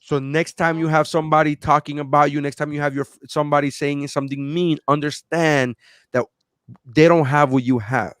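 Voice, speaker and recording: A man in his thirties co-hosting a podcast, telling a story in a lively, animated way and acting out other people's voices. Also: fairly high pitch, a little fast, dry recording, clean studio sound. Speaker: podcast co-host. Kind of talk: casual chat.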